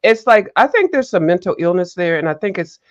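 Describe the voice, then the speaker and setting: A woman's voice: on the low side, animated, fairly quick. A woman panelist in casual chat, gossiping animatedly and cutting in.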